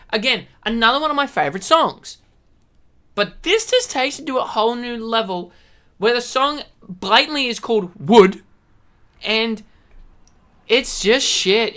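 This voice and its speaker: A woman streamer rants aggressively with lots of swearing and exasperated outbursts in profane commentary. Her voice is medium in pitch, bright and forceful.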